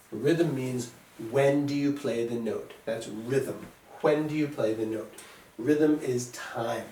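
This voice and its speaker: A male music teacher patiently explains beats, counting aloud and sounding out rhythms. He speaks in a middle-pitched voice from some distance off the mic. His voice rings around an echoey classroom with a faint hiss behind it. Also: slow, warm tone.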